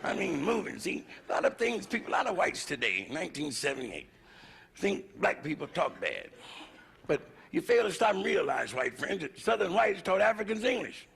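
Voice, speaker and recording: Gravelly, brash American comedian on stage. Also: male voice, high-pitched, very animated, moderate pace, fairly bright tone. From United States. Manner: brash, profane, swaggering delivery. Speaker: stand-up comedian. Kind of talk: live stand-up routine. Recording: noisy 1970s live concert recording.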